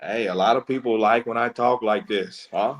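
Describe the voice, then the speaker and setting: A man's voice: on the low side, fairly even intonation, normal speed, lo-fi sound, close to an everyday voice. A comedian doing an impression of a brash, cocky male stand-up comic who taunts between lines. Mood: taunting.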